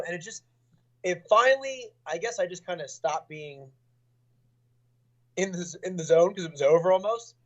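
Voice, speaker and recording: A man's voice: high-pitched, expressive, moderate pace, long pauses, fairly bright tone, lo-fi sound. A young adult man, a fighter, talking casually in an interview, rambling with lots of fillers and restarts.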